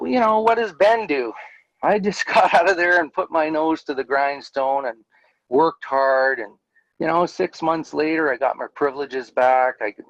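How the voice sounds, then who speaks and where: Earnest man, somewhat high voice. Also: no room sound, dull audio. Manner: earnest, candid storytelling with frequent fillers. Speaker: interview guest. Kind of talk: personal story told in an interview.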